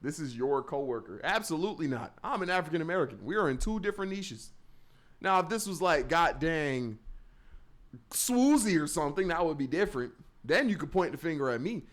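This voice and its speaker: A young man reacts in casual slang as a co-host, his voice a little high and swinging widely in pitch. He often turns to talk straight to the viewers. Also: lively intonation, brisk, fairly bright tone.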